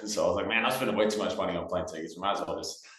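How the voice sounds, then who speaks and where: Deep-voiced young man in a roomy room. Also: rapid-fire. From Texas. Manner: relaxed, chatty, with many fillers and restarts. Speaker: guest singer-songwriter. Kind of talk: casual storytelling. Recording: roomy echo.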